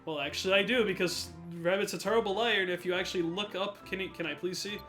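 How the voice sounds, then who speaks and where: A young man commenting over gameplay in a high, wry voice. His jokes are sarcastic and offhand, and soft music plays behind him. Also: fast talker. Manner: sarcastic and joking. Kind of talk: let's play commentary.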